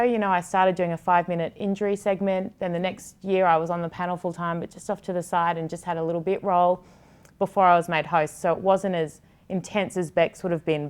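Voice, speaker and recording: A woman's voice: fairly low pitch, clear, resonant tone. A woman who hosts a TV sports show, talking frankly and with feeling in a podcast conversation, swearing now and then. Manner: frank and heartfelt, swears freely.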